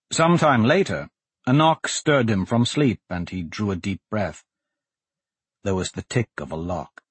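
A man narrating a fantasy novel in scripted narration, in a steady, even storytelling manner. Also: on the low side, slightly rough, no room sound. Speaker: audiobook narrator.

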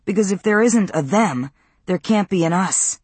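A reader voicing a cruel, sneering teenage boy who bullies a classmate, in a low mocking voice. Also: animated, moderate pace, breathy edge, no room sound.

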